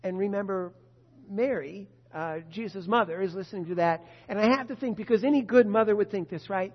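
A pastor preaching a sermon to his congregation, emphatic and expressive. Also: sits high, a little fast. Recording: dull lo-fi sound with long reverb.

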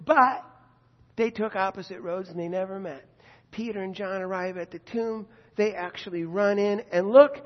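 A man preacher retelling a scripture story in a conversational sermon, with vivid asides and rhetorical questions. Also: high voice. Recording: dull lo-fi echoey hall.

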